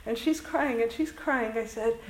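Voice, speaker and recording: A woman's voice: on the high side, moderate pace, echoey room, low-quality recording. A woman from Canada, a school principal who runs a summer camp, tells a heartfelt story to an audience. She speaks earnestly and emotionally and drops in Hebrew and Yiddish words.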